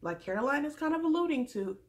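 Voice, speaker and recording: A woman hosting a casual recap vlog, chatty and opinionated, speaking straight to her viewers and swinging from loud emphasis to quiet asides. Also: sits high, lively intonation, fast. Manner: chatty, addresses viewers as y'all. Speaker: reality TV recap vlogger.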